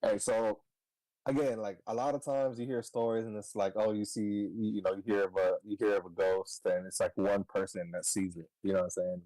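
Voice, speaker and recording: A young man on a podcast, casually telling a story, swearing and laughing, his voice jumping high when he gets excited. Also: dry recording, rough recording. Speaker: podcast co-host.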